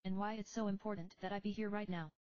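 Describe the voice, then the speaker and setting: A woman voicing a gentle, breathy young priestess girl who speaks softly and politely in a storybook reading. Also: medium pitch, fairly even intonation, fast talker, no echo, dull audio, voice pushed up, natural voice. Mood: earnest.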